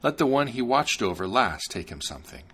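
A man's voice: mid-range voice, big pitch swings, a little fast, pushed and bright, husky, voice pushed up, full character voice. A man voicing a haughty older princess who curtly refuses to help. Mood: dismissive. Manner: curt, dismissive.

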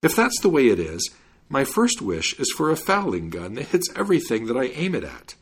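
A man's voice: medium pitch, huge pitch swings, a little fast, slightly rough. A man doing a cocky young servant. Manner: brash and mocking.

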